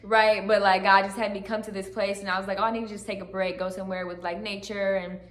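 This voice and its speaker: A woman's voice: medium pitch, little pitch movement, fast talker. A woman speaks earnestly to her camera, recounting a personal spiritual turning point. She keeps checking in with "right?" and "like" as she goes. Her mid-range voice rings with a noticeable room echo. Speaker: channel host giving testimony. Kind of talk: emotional personal testimony to camera. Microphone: camera facing her. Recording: echoey room.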